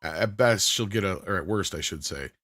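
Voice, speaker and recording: A man's voice: low voice, sharp tone, dry recording, clean studio sound. A man hosting a casual pop-culture panel show, reading viewer messages and joking with the guests. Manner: joking, quick to laugh.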